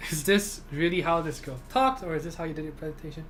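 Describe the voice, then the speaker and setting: Young male streamer with a lighter, higher voice. Rants loosely and swears freely. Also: fast, fairly bright tone, a little hiss or hum. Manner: rambling rant full of "you know" and swearing. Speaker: live streamer. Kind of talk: casual chat with live viewers.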